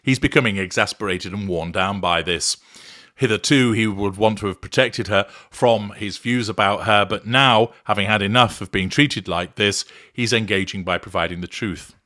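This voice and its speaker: Measured, clinical man with a lowish voice. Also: sharp tone, no echo, studio quality. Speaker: host analysing a recorded argument. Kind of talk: analytical commentary.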